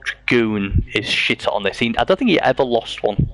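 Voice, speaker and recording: A man's voice: medium pitch, big pitch swings, normal speed, a crowd in the background. A man hosting a casual talk show, bantering, teasing and swearing with his guests. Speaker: podcast host. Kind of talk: casual chat.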